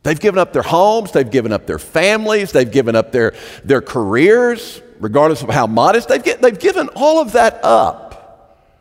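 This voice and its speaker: A male pastor preaching a sermon in a church, emphatic and animated, often repeating phrases as he presses a point. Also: on the high side, normal speed. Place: church sanctuary. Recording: long hall reverb.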